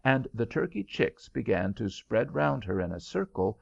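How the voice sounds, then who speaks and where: A man narrating a children's storybook aloud in an audiobook, with a slow, lively delivery. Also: fairly low pitch, gravelly. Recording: dull lo-fi audiobook recording.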